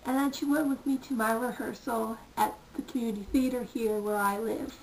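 A woman's voice: a little high, fairly even intonation, fairly quick, darkish tone, far from the mic, slight background noise, poor audio. A woman telling a story to camera in a chatty, easygoing way as she narrates a casual vlog.

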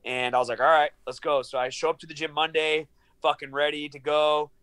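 A man in his thirties on a video call from his small studio apartment, telling a long story in an animated, profane way and acting out the dialogue. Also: a little high, brisk, clean tone. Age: 30s. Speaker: guest, professional fighter. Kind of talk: casual storytelling interview.

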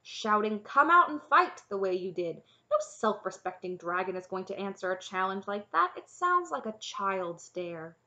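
A woman's voice: medium pitch, big pitch swings, moderate pace, hardly any pauses, bright, forceful tone, dull audio. A woman narrator voicing a young princess who speaks firmly and matter-of-factly. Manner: firm and matter-of-fact. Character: young princess, firm, practical, unconventional.

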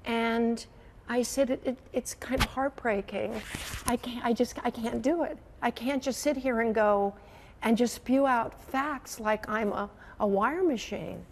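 Woman, sixties, veteran news anchor, higher voice, reflective and emotional, repeats herself when moved. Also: measured pace, a little hiss or hum. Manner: animated, emotional storyteller who repeats phrases. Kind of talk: reflective conversational interview.

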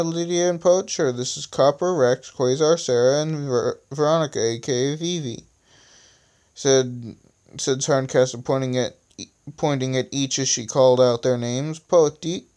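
A man's voice: mid-range voice, a little mellow. A man reading his own story aloud, stumbling and restarting often and adding self-mocking asides. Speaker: reader of his own stories. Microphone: phone screen recorder.

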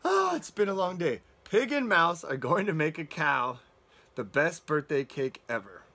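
A man's voice: a little high, big pitch swings, measured pace, bright, forceful tone, a little hiss or hum. A man reading picture books to children at storytime, playful and joking. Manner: playful, goofy, jokes to kids.

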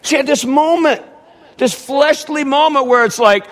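A middle-aged man preaching a sermon, telling a family story in a storytelling manner and doing animated impressions of his relatives. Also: very high-pitched, normal speed. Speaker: pastor.

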